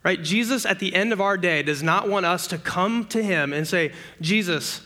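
A young man delivers a sermon in a casual, conversational way, checking in with his listeners through quick rhetorical questions. His voice is bright and forceful, sitting a little high, and it lifts into animated bursts when he acts out everyday scenes. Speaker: campus ministry preacher.

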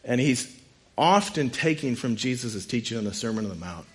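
A man's voice: medium pitch, animated, moderate pace. A man preaching a sermon to a live congregation in a room, talking conversationally with humor and rhetorical questions. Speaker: pastor.

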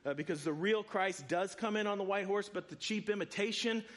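A man giving a sermon, preaching in a conversational, animated way with asides to the congregation. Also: high voice, a little fast. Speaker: pastor.

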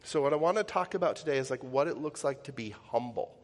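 A man preaches a sermon in a slightly higher voice, speaking in a loose, conversational way. He keeps throwing rhetorical questions at his congregation. His voice carries a long reverb from the church hall. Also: expressive, fast, few pauses, fairly bright tone. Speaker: pastor.

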